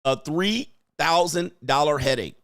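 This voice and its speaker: A man hosting a show, giving loud, crude, mocking commentary on video clips and laughing often. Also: fairly high pitch, measured pace, clean tone, no echo, studio quality. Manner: brash and mocking, laughs often, mimics voices. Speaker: host.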